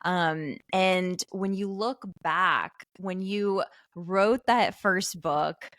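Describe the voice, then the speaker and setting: A woman hosting a podcast interview, enthusiastic and slowing down when she asks questions. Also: lowish voice, fairly bright tone, no echo, studio quality. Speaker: podcast host. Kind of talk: casual interview chat.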